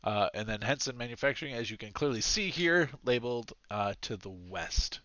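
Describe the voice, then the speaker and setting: A man's voice: medium pitch, animated, normal speed, pushed and bright, dry recording. Guy gm rambling with lots of laughs, dry close sound, kinda muffled. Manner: rambling, laughs often, self-deprecating. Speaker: game master. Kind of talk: narrating a tabletop game.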